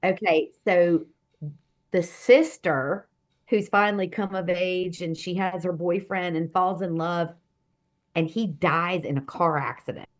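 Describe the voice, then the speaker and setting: A woman guest telling a personal story in an expressive, animated way, swinging between hushed and loud. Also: on the low side, unhurried. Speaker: guest, author and speaker. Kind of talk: animated storytelling in a podcast interview.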